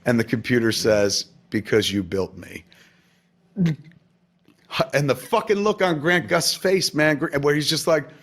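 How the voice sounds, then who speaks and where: Profane, excitable man on a podcast. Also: a little high, normal speed, hardly any pauses. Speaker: podcast host. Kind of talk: casual podcast chat.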